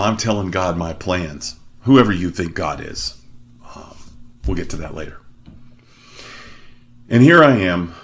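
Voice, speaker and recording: Hosting his own show, a middle-aged male opera singer tells his career story as a monologue. His low speaking voice stays lively and self-deprecating, and he shifts his delivery for emphasis.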